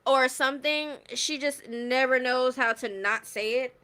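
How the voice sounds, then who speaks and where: A woman's voice: sits high, a little slow, bright, forceful tone, clean tone. A woman hosting a stream, giving blunt, exasperated gossip commentary straight to her viewers. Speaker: stream host commenting on clips.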